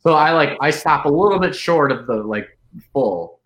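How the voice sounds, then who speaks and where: A man's voice: fairly high pitch, normal speed. Chatty man telling a party story, echoey room. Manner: animated, full of "like", acts out quotes. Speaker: podcast guest. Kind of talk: casual storytelling.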